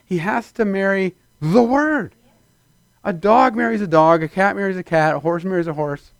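A man's voice: high voice, moderate pace, creaky, dry recording. A man preaching a sermon to a congregation in a conversational, playful way, acting out little scenes in put-on voices. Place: church before a congregation.

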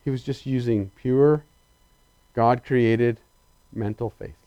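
A male preacher delivering a sermon, animated and emphatic, questioning his congregation directly and swinging between loud excitement and quiet earnestness. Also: mid-range voice, slow, clean tone, no echo, highs cut off.

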